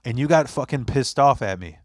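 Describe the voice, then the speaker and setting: A young man tells stories on a podcast in casual, profane chat, jumping into voices whenever he quotes someone. His delivery is lively and animated. The sound is dry and close to the mic. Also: medium pitch, brisk, dry recording. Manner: animated storyteller, acts out quotes, swears a lot. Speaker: podcast host.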